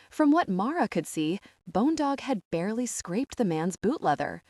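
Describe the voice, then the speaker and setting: A woman reading an audiobook as its narrator, expressive and voicing each character. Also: medium pitch, moderate pace, no room sound, clean studio sound. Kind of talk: scripted narration.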